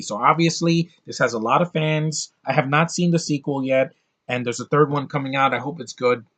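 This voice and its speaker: Male vlogger reviewing a film off the cuff, mid-pitched, blunt and profane, talks in bursts with lots of restarts. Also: sharp tone. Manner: ranting, blunt, swears freely, frequent restarts. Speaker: movie reviewer. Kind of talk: casual movie review vlog.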